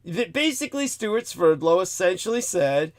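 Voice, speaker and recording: Male host, slightly high voice, rambling casual storyteller. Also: very animated, normal speed. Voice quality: rambling, many restarts. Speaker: podcast host. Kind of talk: casual chat.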